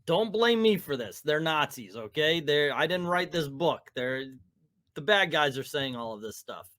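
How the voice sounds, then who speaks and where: A man's voice: on the high side, animated, moderate pace, a bit bright. A man reviewing a comic book in casual commentary, hesitant and rambling, with many fillers.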